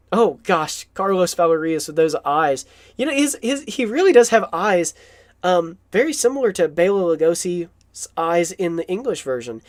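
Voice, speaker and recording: A man giving an enthusiastic, rambling film commentary, with asides and chuckles. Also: high voice.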